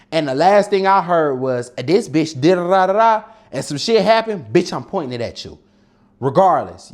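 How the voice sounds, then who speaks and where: A man from Detroit hosting a casual cooking show, talking bluntly and swearing a lot, muttering to himself at the stove. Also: fairly high pitch. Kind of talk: casual talk while cooking. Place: home kitchen.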